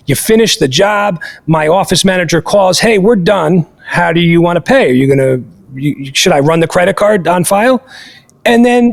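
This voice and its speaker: On this podcast, the male host spins a casual story in a high, gravelly voice. He's animated and emphatic, cursing freely as he goes.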